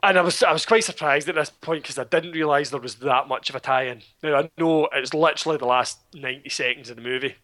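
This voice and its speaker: Scottish male podcaster with a crisp, bright voice; wry, profane storyteller. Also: fairly high pitch, fast, few pauses. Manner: sardonic, swearing, animated storytelling. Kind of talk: casual film recap chat.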